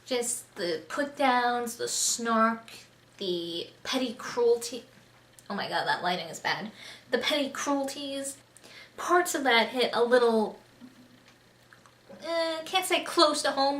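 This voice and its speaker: A woman's voice: a little high, a bit bright, reverberant, low-quality recording. A woman reviewing a book on her vlog, talking casually and gushing, with lots of "like" and "just". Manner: gushing, chatty, heavy on "like" and "just".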